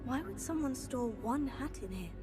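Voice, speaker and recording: An actress playing a calm, wry young female student witch in a video game, with dry understated remarks. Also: sits high, moderate pace. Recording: game audio with loud music behind. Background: loud game music.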